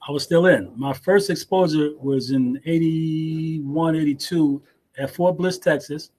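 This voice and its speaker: An older man in his sixties speaks with a fairly high pitch, unhurried and laid-back. He stumbles and repeats words as he restarts his thoughts. The tone is that of a relaxed interview guest recalling his past. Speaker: guest, martial arts teacher. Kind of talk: casual storytelling interview.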